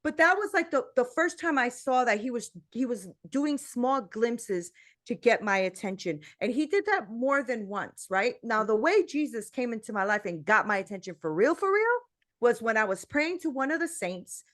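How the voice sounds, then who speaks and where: Animated high-voiced woman telling her testimony. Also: normal speed. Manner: animated, earnest storytelling with many "like" and "you know" fillers. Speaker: interview guest, motivational speaker. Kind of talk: personal faith testimony in conversation.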